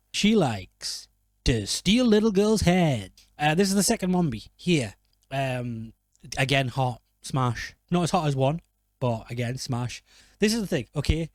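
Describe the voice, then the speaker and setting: A man's voice: mid-range voice, lively intonation, normal speed, a little mellow, dry recording. A man giving casual film commentary, rambling and joking, often correcting himself mid-sentence. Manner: rambling, jokey, self-correcting. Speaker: film reviewer.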